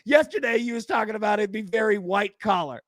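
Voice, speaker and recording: A man's voice: sits high, animated, brisk, a bit bright, no room sound. A man hosting a live sports betting stream, chatting casually, joking and laughing often. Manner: laughs often, loose and joking, quotes film lines. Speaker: sports betting show host.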